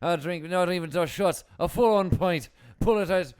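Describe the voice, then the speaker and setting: Man doing a boisterous put-on Irish drinker, crude and bragging, pitched up. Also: normal speed, darkish tone, smooth, natural voice. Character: rowdy old-school Irish drinker man.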